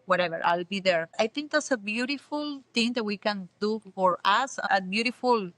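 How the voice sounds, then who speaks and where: A woman's voice: mid-range voice, normal speed, a bit bright, dry recording. A woman hosting a podcast interview, talking reflectively and sometimes searching for words. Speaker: podcast host.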